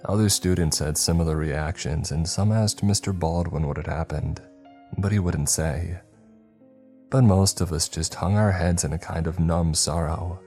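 A man narrating a scripted horror story in a measured, storytelling manner. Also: deep voice, darkish tone.

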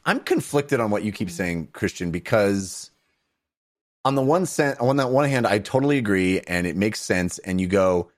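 Podcast co-host, male, low voice with lively swings, halting and playful. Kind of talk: casual chat.

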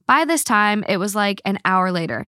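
A woman hosting a chatty podcast, blunt and quick to swear as she reads listener stories aloud. Her voice sits at an ordinary middle pitch. The sound is close and dry, with no room echo. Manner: blunt, swears freely, animated. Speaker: podcast host. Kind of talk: casual chat, reading listener stories aloud.

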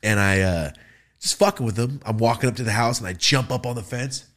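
A young man hosting a podcast, telling party stories in casual, profane, animated style. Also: medium pitch, a little fast. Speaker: podcast host. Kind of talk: casual storytelling.

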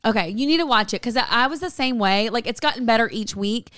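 A woman co-hosting a podcast, spinning animated stories with plenty of quick asides. Her voice sits a little high. The sound is close and dry, with no room around it. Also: no room sound. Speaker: podcast co-host. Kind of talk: casual chat.

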